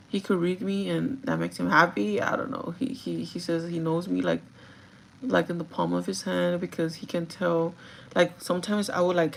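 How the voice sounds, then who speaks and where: A woman's voice: fairly low pitch, gravelly, slight background noise, rough recording. A young woman livestreaming a casual get-ready-with-me chat, confiding in viewers, with lots of "like" fillers and some Spanish words mixed in. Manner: chatty, confiding, many "like" fillers.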